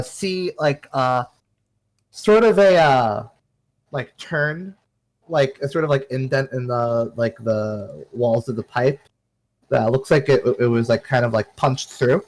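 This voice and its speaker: A man narrating a tabletop game as game master, halting and full of fillers. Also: medium pitch, rough recording.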